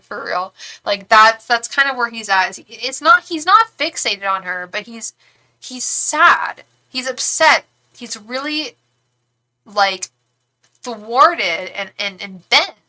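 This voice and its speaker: A woman with a sharp, somewhat high voice gives a tarot reading on a live stream. The psychic talks frankly and chattily, using plenty of fillers and a bit of swearing.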